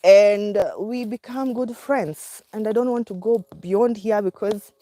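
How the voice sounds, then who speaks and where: Slow, breathless Kenyan woman on a walk. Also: medium pitch, mellow, no echo. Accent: Kenyan English. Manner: chatty, laughs while talking, many fillers. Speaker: vlogger. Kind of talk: casual talk while walking a dog. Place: outdoors on a walk, hills and woods.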